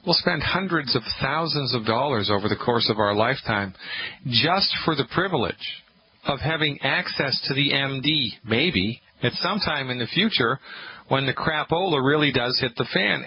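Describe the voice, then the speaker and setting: A man hosting a call-in health radio show, talking in an animated, sarcastic and emphatic way. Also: medium pitch, normal speed, husky. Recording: muffled radio broadcast with faint hiss.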